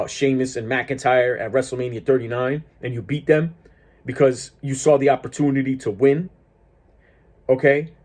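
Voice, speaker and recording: A man's voice: medium pitch, darkish tone. A man of Greek heritage in a casual, heated wrestling rant, swearing a lot and stumbling over repeated words as he restarts his sentences. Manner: profane, heated, restarts often. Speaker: wrestling commentator vlogger. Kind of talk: casual ranting monologue.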